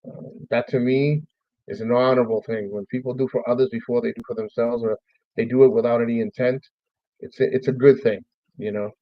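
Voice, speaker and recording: A man's voice: medium pitch, fairly even intonation, a little fast, no room sound, dull audio. A man giving a heartfelt, rambling memorial talk about a lost friend, swearing casually. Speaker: streamer. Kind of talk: emotional memorial monologue.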